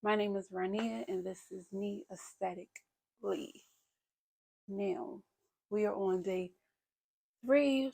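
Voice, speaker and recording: Reflective woman in her thirties, gravelly. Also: mid-range voice, takes it slowly, pauses often, a little mellow. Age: 30s. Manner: open, reflective, speaks of her feelings. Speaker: vlogger. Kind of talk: candid personal vlog talk.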